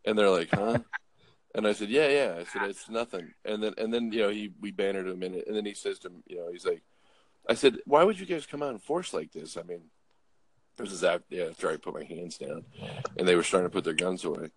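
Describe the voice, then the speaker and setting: A middle-aged man from Los Angeles casually telling a story, animated, acting out voices and restarting often. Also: low voice, a little fast, no room sound. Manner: animated, acts out voices, swears, frequent restarts. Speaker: guest storyteller.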